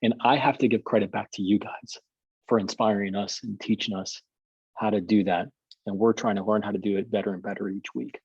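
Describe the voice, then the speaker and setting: Pastor guy rambling through a story on a video call, dark husky voice, lo-fi dry sound. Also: on the low side, steady tone, brisk, no echo. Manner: rambling, repeats words and restarts.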